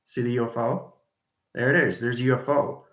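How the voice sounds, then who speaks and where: Streaming live to viewers from an echoey room, the online spiritual teacher talks fairly quickly in a mid-range, fairly bright voice. He's excited and meandering, repeats himself a lot, and now and then lowers his voice to a whisper.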